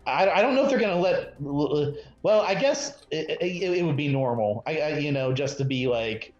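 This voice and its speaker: A man's voice: fairly high pitch, lively intonation, moderate pace, faint music behind. A man playing a tabletop game, talking hesitantly with many restarts. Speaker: player. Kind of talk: casual tabletop role-play. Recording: echoey, dull lo-fi mic.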